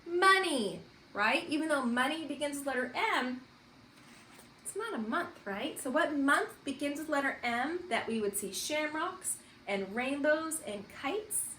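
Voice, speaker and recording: A woman teaching a kindergarten morning meeting over distance learning, with a bright sing-song manner and frequent praise. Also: high voice, lively intonation, a little slow, roomy sound, slight background noise. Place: home.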